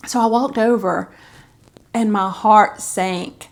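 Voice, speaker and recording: A woman's voice: mid-range voice, fairly even intonation, takes it slowly. A middle-aged woman, talking candidly to camera as a caregiver vlogger, chatty and heartfelt with many fillers. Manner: chatty and heartfelt, with frequent fillers and soft laughs. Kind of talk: candid personal vlog talk.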